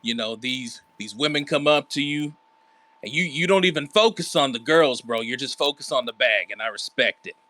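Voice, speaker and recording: A slick hustler with a put-on accent and a bright, forceful voice, played by a man at a tabletop game. He talks like a salesman working a mark. His pitch sits mid-range. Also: animated, a little slow. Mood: hustling. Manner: smooth-talking salesman with a put-on fake accent. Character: slick smooth-talking male hustler character.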